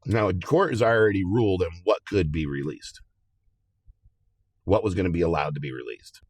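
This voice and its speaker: Male commentary host, very low voice, dry close sound, hesitant and rambling. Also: normal speed, no room sound. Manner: rambling, hesitant, talks to viewers as guys. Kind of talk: casual political commentary.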